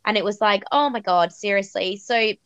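A woman's voice: mid-range voice, moderate pace, a bit bright, clean tone, no echo, muffled recording. Chatty woman podcast host, dry sound. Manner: chatty storytelling with fillers. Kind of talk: podcast conversation.

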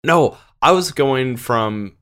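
A man's voice: medium pitch, expressive, takes it slowly, a bit bright. A man from Canada co-hosting a podcast, chatting casually and rambling with lots of fillers. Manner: laid-back, rambling with many fillers. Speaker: podcast co-host. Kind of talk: casual chat.

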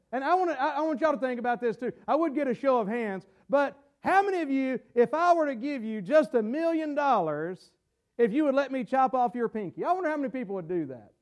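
High-voiced preacher. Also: male voice, expressive, moderate pace. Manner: stumbles and repeats words, rising to shouts for emphasis. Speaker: pastor. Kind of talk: sermon. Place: church sanctuary. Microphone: camera-recorded.

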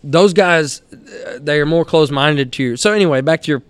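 A slightly high, smooth-voiced Texan man in a studio recording with a dry, close sound. He spins his stories with animated, salty, blunt humor, laughing as he goes. He talks like a guest on a casual podcast. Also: a little fast, no room sound. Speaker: guest, helicopter hunting outfitter.

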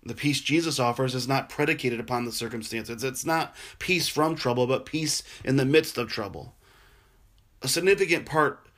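A man preaching a sermon, earnest and gentle, sometimes dropping to a soft, quiet voice for tender passages. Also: mid-range voice. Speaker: pastor.

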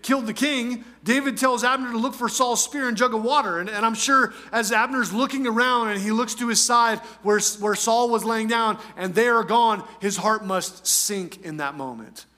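A man's voice: high voice, normal speed, pushed and bright. A man preaching a sermon as pastor, emphatic and repeating phrases for effect, with conversational asides and restarts.

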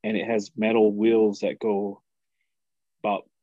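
A man in his thirties, a podcast guest, telling a story in a casual, profane and animated way. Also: on the low side, measured pace, dry recording, phone-quality sound. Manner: animated, profane, acts out quoted voices.

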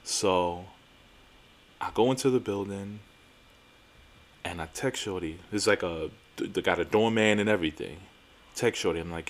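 A young man hosting a podcast, telling a story in a casual, animated, profane and self-mocking way, with emphatic repetitions. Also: low-pitched, normal speed. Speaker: podcast host.

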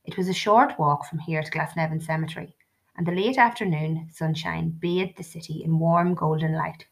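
A woman with a low voice reads a novel aloud as an audiobook narrator, telling the story in a measured, even way from a script.

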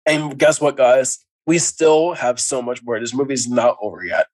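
Podcast co-host, male, mid-pitched, chatty animated recap delivery. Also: normal speed, poor audio. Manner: animated storytelling, acts out characters' lines with laughs. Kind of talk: casual movie recap chat.

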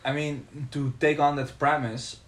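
A man's voice: a little high, level tone, a little slow. A man co-hosting a podcast who challenges his partner's points in a casual debate, pressing with pointed questions. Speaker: podcast co-host.

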